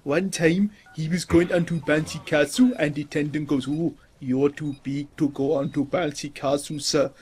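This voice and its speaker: A man's voice: on the high side, fairly even intonation, moderate pace, hardly any pauses, a little mellow, breathy edge. A man putting on a boastful fake French gamer with a mock French accent and broken English, taunting players and telling tall tales over voice chat. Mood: boastful storytelling. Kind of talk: prank gaming voice chat.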